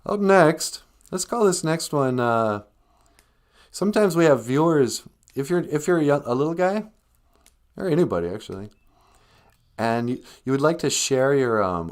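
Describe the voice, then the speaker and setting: A man hosting a casual language livestream, chatting in a rambling, joking way. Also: on the high side.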